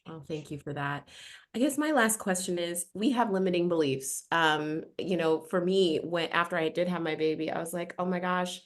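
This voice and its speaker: A woman's voice: on the low side, moderate pace. A woman hosting a webinar over a video call, asking empathetic questions and sharing her own experience as a mother. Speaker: webinar host. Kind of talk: hosted webinar interview.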